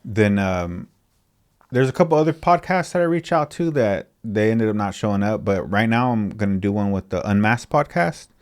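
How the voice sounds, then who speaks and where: A young podcast host tells stories in slangy, profane street talk during a casual chat. His voice is on the low side with a darkish tone, lively intonation and a moderate pace.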